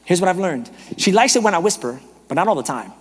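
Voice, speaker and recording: An animated male pastor preaches with a high, bright voice and tells humorous stories. He swings between loud bursts and near-whispers. A long hall reverb surrounds him. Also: quick pace, husky. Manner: animated, humorous storytelling, shifts from shouting to whispering. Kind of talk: sermon. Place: church auditorium.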